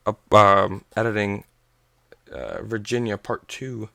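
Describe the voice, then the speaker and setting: A man's voice: on the low side, little pitch movement, measured pace, creaky, sharp tone, dry recording. A teenage boy casually telling a long story, rambling and correcting himself as he goes. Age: teens. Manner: rambling, self-correcting, chatty. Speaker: gaming channel vlogger.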